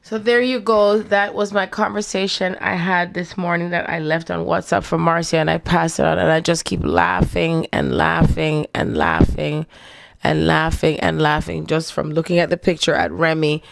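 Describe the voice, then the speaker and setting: A woman's voice: lowish voice, level tone, moderate pace, vocal fry. A woman hosting a casual spiritual talk, speaking frankly and rambling, often repeating herself.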